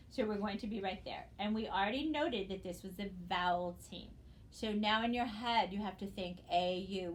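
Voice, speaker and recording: A woman's voice: medium pitch, slight background noise. Patient woman teaching phonics. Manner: slow, patient, spells out letters one by one. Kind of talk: recorded phonics lesson for students.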